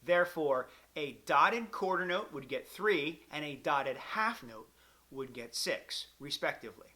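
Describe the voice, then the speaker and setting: Bright-voiced male music teacher. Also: fairly high pitch, animated, a little slow. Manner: counts beats aloud, patient and encouraging. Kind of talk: clarinet lesson.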